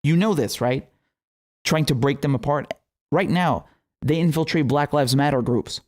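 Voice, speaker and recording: A man's voice: fairly high pitch, moderate pace. A young man hosting a political commentary show, talking casually with heated, profane, sarcastic outbursts and laughing asides.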